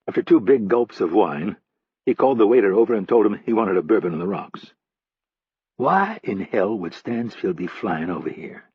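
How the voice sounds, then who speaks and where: A male audiobook narrator with a husky, low voice, reading a thriller in a measured, steady manner. The sound is dry and a bit dull, like a lo-fi recording. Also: no room sound.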